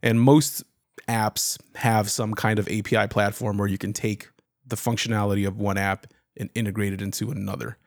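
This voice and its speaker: A man's voice: lowish voice, flat delivery, normal speed, no echo, clean studio sound. A man co-hosting a podcast, explaining things in a casual, rambling way with frequent restarts. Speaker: podcast co-host. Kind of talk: casual chat.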